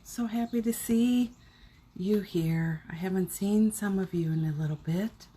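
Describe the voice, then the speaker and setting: A woman's voice: mid-range voice, unhurried, dark tone, slightly rough. A middle-aged woman hosting a casual morning live stream from home, cheerfully greeting viewers by name and chatting. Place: home indoors.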